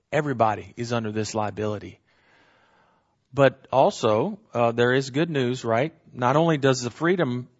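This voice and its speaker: A man leads a verse-by-verse Bible study in an earnest, emphatic way. He stresses and repeats key phrases and corrects himself as he goes. His voice sits at a middle pitch, and the recording sounds slightly dull. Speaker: Bible teacher.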